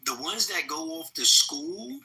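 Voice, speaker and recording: A man's voice: a little high, animated, measured pace, sharp tone. A man speaking in a loose, slangy way as a panelist in a heated debate.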